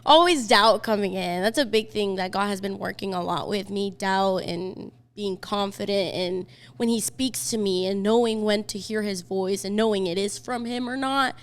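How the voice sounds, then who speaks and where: A young woman in her twenties, a podcast guest, chatting casually and telling stories with lots of fillers. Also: mid-range voice. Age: 20s. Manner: chatty, quick storytelling with many fillers. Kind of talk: casual chat.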